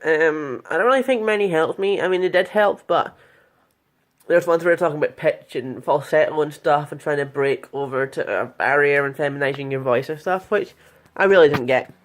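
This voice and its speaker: A woman's voice: deep voice, moderate pace. Chatty woman vlogger. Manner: chatty and frank, with swearing and frequent fillers. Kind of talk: casual voice tutorial.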